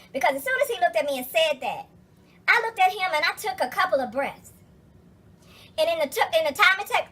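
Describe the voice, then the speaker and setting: A woman's voice: high voice, fairly bright tone. A young adult woman vlogger retelling a story as a rant, profane, emphatic and exasperated.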